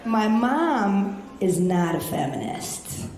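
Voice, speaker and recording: A young woman doing a brash, profane stand-up set with loud exasperated outbursts. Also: mid-range voice, sing-song, takes it slowly, a loud crowd, heavy background noise. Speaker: stand-up comedian. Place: comedy club stage. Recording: echoey club stage.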